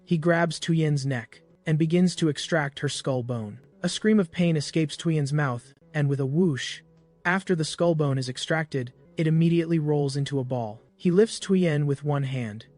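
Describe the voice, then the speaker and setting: A man narrating a comic recap in a brisk storytelling voice with small slips. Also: a little high, darkish tone, faint music behind.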